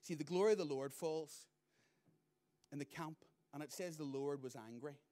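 A middle-aged man, preaching a sermon as pastor, moving between loud emphatic lines and quiet asides. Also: fairly high pitch, normal speed.

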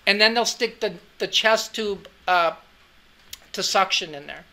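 A man's voice: sits high, a little slow, pushed and bright. A middle-aged man teaching anatomy and physiology, telling a class a story in a chatty way. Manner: chatty, anecdotal, with frequent "right?" asides. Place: classroom with students.

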